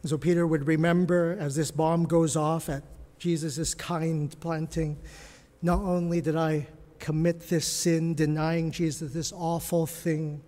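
A man preaching a sermon as pastor, dropping to hushed whispers and then rising to loud, emphatic bursts. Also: on the high side, level tone, a little slow. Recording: long reverb of a large hall.

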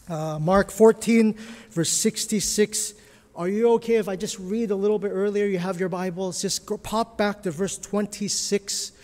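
A man preaching a sermon as a pastor, earnest and slow with emphatic swells in his delivery. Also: sits high, steady tone, a little mellow, big-room sound.

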